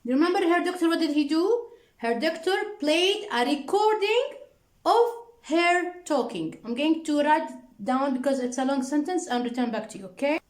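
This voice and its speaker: A woman teaching an English workbook lesson with an Arabic accent, slowly repeating answers and prompting the class with questions. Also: high voice, animated, roomy sound, low-quality recording. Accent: Arabic-speaking. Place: classroom with a board.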